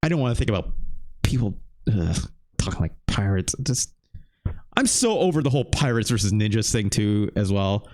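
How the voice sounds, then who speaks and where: A man in his thirties streaming a retro game, chatting with viewers in a loose, animated way and swearing casually. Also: lowish voice, normal speed. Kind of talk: live game stream chat.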